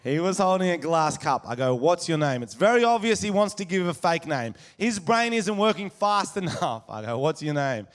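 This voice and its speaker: An Australian man performing a stand-up comedy set on stage, telling crude stories with loud shouted impressions. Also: high-pitched, sing-song, normal speed, few pauses. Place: comedy venue stage before a live audience.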